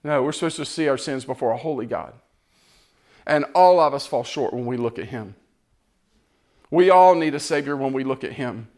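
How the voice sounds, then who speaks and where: A man's voice: mid-range voice, moderate pace, pauses often, a little mellow. A man giving an impassioned, earnest sermon testimony, repeating phrases as he builds.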